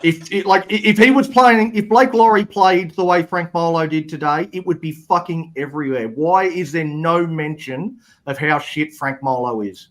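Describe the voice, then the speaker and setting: A man co-hosting a fan podcast, his voice sitting fairly high for a man. He rants bluntly and swears freely, worked up and annoyed at his team. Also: moderate pace, few pauses, a bit bright. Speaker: podcast co-host. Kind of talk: casual fan panel chat.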